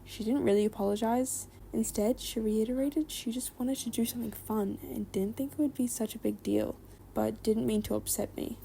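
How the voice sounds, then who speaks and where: A woman reading online stories aloud in an even, conversational way, with brief asides of her own. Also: on the high side, moderate pace, gravelly, slight background noise. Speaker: story reader.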